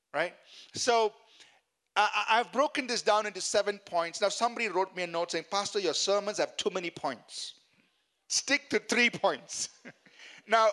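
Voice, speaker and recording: A man's voice: high voice, bright, forceful tone. A man preaching a sermon as pastor, earnest and emphatic, repeating key phrases and chuckling at his own jokes.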